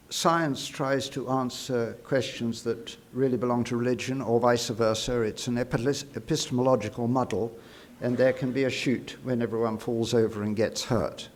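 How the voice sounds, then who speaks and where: A man giving a prepared speech into a microphone at a university congress, measured and reflective, with frequent "uh" fillers. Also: mid-range voice. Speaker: award-winning speaker at an academic congress. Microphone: speaking into a podium microphone.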